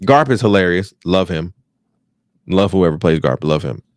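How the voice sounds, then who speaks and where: A man's voice: low voice, lively intonation, normal speed, dry recording, studio quality. An American man with an African American English accent hosting a podcast, ranting casually and profanely, repeating phrases for emphasis. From United States. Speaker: podcast host.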